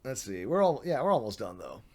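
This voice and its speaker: This late-night streamer is a man with a warm, medium-pitched voice that swings widely in pitch and runs a little fast. He reads out online drama in casual commentary, sardonic and tired, swearing and laughing.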